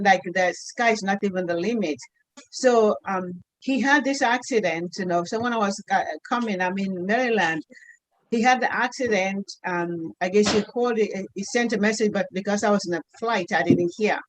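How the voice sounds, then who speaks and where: A woman's voice: medium pitch, dry recording, low-quality recording. Earnest middle-aged woman sharing a testimony. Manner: earnest, halting, full of restarts. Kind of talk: heartfelt personal storytelling.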